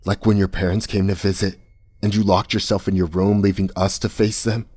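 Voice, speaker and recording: A man's voice: sits low, level tone, fairly quick, dry recording. A man voicing a frantic young man held captive, talking harshly and close to sobbing. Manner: sharp, harsh, near sobbing. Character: frantic young male captive, bitter and raw.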